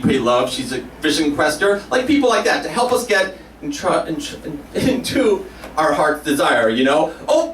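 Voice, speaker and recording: Animated man telling a comic story live. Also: fairly high pitch. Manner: animated, self-deprecating, laughing. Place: small café performance space. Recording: roomy live room from a distance, faint noise.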